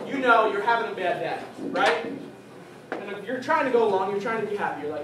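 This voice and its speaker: Animated man preaching in an echoey hall. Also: high-pitched, fast, a crowd in the background. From New Jersey. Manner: animated, acts out quoted voices, swings from soft asides to shouts. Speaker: youth speaker. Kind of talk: youth talk. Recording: echoey hall, distant mic, audience noise.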